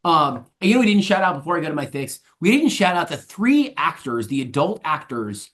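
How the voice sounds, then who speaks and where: A man co-hosting a casual movie podcast, relaxed and hesitant, filling gaps with ums and letting his sentences trail off quietly. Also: fairly high pitch, brisk. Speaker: podcast co-host.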